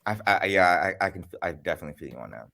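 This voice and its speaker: A man hosting a casual livestream chat, telling stories in an animated way. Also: low voice, very fast, creaky. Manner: animated storyteller. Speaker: host.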